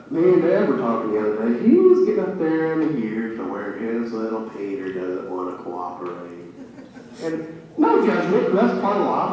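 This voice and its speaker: A man doing live stand-up comedy, laughing at his own jokes and acting out quick bits of dialogue. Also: medium pitch, darkish tone, slight background noise. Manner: acts out dialogue in quick impressions. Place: veterans' hall stage. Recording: echoey hall mic from a distance.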